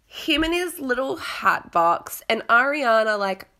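A woman's voice: on the high side, very animated, unhurried, sharp tone. A woman casually chatting as a podcast host, gossipy and dramatic, with lots of filler words. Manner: dramatic, acts out quotes of others. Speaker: podcast host recapping a reality show. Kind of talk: casual chat.

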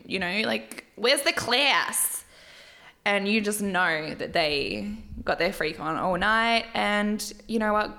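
A woman's voice: mid-range voice, sharp tone. A woman with an Australian accent hosting a reality TV recap in casual chat, gushing, swearing freely and giggling often.

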